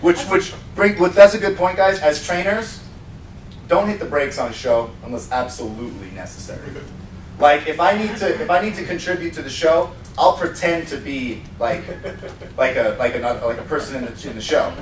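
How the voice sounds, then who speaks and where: An animated man with a high voice teaches sales trainees, swooping between highs and lows as he acts out demo scenes. He is picked up from a distance in a roomy seminar hall with faint noise behind. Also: normal speed. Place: seminar room.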